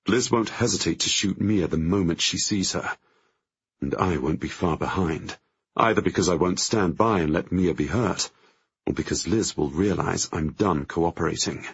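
Deep, gravelly male audiobook narrator. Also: moderate pace, no room sound, dull audio. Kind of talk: first-person novel narration.

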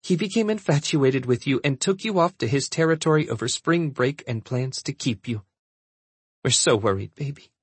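A man voicing a worried, overbearing middle-aged mother in an audiobook, pleading and insistent, with a husky voice. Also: medium pitch, expressive, normal speed, dry recording. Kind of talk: audiobook character voice.

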